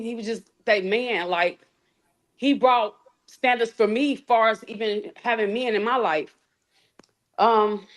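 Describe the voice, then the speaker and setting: A woman speaking as a guest about her late son, telling his story in a halting, heartfelt, colloquial way. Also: medium pitch. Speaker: mother of the deceased, guest. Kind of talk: emotional personal testimony in a live interview.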